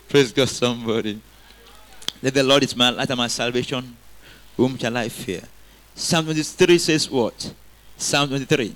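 A man's voice: mid-range voice, measured pace, fairly bright tone. A man preaching a sermon, quoting scripture and getting the congregation to repeat lines after him.

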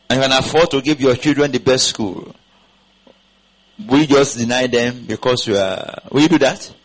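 A man's voice: mid-range voice, a bit bright, rough recording. A man preaching a sermon to a congregation, firing rhetorical questions and having them repeat his words back. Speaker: pastor. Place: church congregation.

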